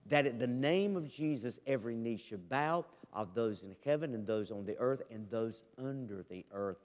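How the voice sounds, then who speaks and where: Emphatic pastor in a reverberant church. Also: male voice, medium pitch. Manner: emphatic, swinging from loud to soft. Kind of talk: sermon. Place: church sanctuary.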